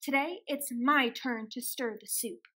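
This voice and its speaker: A woman's voice: high voice, measured pace, bright, forceful tone, slightly rough, exaggerated voice. A woman voicing a wailing little duck. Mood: pleading. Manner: wailing, pleading. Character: restless male duck wanting to help.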